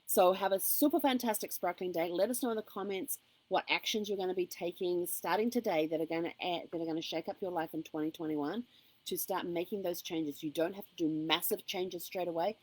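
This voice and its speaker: Speaking fairly quickly in a lowish, darkish voice, a woman delivers an encouraging, upbeat motivational talk to camera, often pausing on "um." The recording quality is low.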